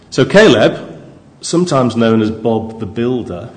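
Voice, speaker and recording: A man gives a relaxed, joking sermon to his church, often restarting and tossing questions to the congregation. His voice sits at an ordinary middle pitch. The sound rings on in a large reverberant hall. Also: a little slow. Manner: conversational and jokey, with restarts and asides to the congregation. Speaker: preacher.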